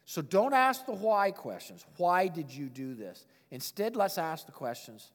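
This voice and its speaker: A man preaching a sermon, reading scripture aloud and adding his own expressive comments. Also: high voice, unhurried, hardly any pauses, in a large hall. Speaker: pastor.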